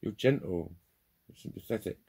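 A man with a very deep, gravelly voice talks in a loose, candid monologue. His tone is dark and husky, and he swears freely and jokes at his own expense as he rambles. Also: normal speed. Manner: rambling, sweary, self-deprecating. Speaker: vlogger.

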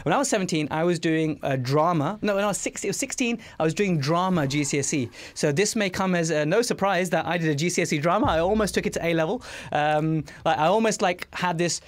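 A podcast host speaks quickly and eagerly, stumbling and restarting as his ideas tumble out. His voice sits a little higher than most men's. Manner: enthusiastic, rapid, with frequent restarts. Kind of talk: casual conversational interview.

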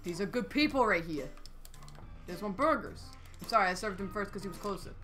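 A woman's voice: mid-range voice, animated, fairly quick, a bit bright, soft background music. A woman streaming a cooking game, frantically calling out customer orders in casual chat.

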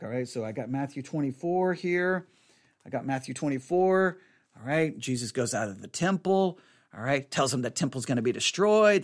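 A man, a pastor, giving casual spoken Bible teaching, rambling and animated, with restarts and acted-out voices of excited kids. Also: fairly high pitch, normal speed.

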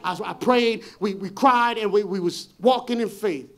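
Pastor guy with a really high voice preaching in church on a handheld mic, repeats himself a lot, gets loud and fired up. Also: moderate pace. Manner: impassioned preaching, rising to shouts; repeats words and restarts sentences. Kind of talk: sermon. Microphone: handheld microphone.

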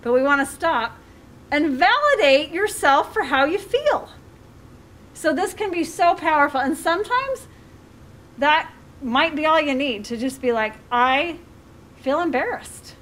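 A woman's voice: high-pitched, sing-song, measured pace, fairly bright tone. A middle-aged woman life coach giving a chatty talk on handling emotions, with many fillers and restarts and some laughter.

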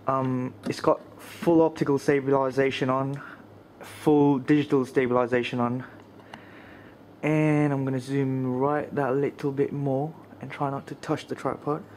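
A man vlogging casually outdoors at night while cold and shivering, talking to viewers with fillers and now and then dropping to quiet murmured asides, recorded on a camcorder's built-in mic. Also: mid-range voice, little pitch movement, unhurried, a little hiss or hum. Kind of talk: casual vlog narration.

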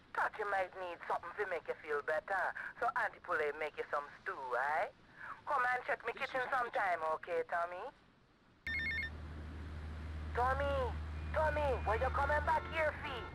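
A woman's voice: mid-range voice, fairly bright tone, slight background noise, natural voice, rough recording. A woman voicing a motherly older woman cook in a video game, talking in a sing-song way. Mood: scolding.

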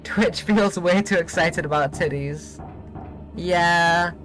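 Giggly high-voiced young male streamer. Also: takes it slowly, faint music behind. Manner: excitable, giggly, chatting with viewers. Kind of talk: live gameplay commentary.

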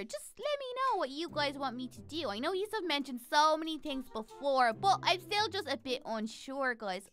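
A woman's voice: high voice, sharp tone. Woman playing a jittery little girl. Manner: fretful, hesitant, talks to viewers. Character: young girl, anxious before getting braces. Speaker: Minecraft role-play character. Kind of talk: role-play vlog narration.

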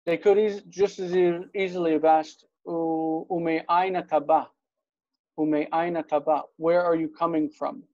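A man's voice: fairly high pitch, level tone, a little slow, a little mellow, no echo, dull audio. A man teaching a Hebrew reading class on a video call, patiently explaining grammar with examples.

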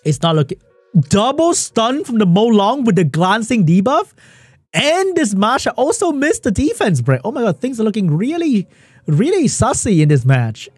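Guy streaming esports commentary, super animated up and down voice, laughs a lot, dry sound. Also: high voice, normal speed, no echo, soft background music. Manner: excitable, laughs often, chats with viewers. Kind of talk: live game commentary while reading chat.

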